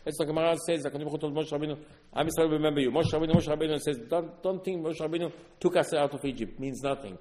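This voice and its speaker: A man delivers a Torah sermon in a somewhat high voice, earnest and insistent. He repeats phrases and punches certain words loudly. His voice trails into a long, echoing hall reverb. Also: racing. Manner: earnest, repeats words, sudden loud emphasis. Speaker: religious teacher.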